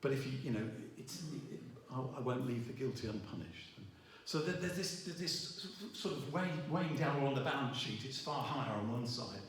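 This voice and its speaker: A middle-aged man preaching a sermon. He talks in a halting way, restarting his sentences and filling pauses with ums. His voice is heard from some distance and rings around a very reverberant church hall. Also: medium pitch. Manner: halting, with many restarts and fillers. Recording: roomy echo, voice from afar.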